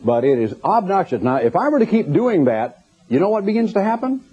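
Man preaching a sermon, mellow warm tone, punchy rhetorical questions, muffled lo-fi tape. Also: high voice, very animated, fairly quick, breathy edge. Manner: emphatic, rhetorical questions to the audience. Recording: dull lo-fi recording.

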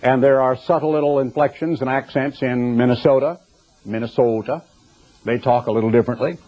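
A man's voice: medium pitch, steady tone, fast. An older man preaching a radio sermon in a conversational, digressive and emphatic way. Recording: dull lo-fi recording.

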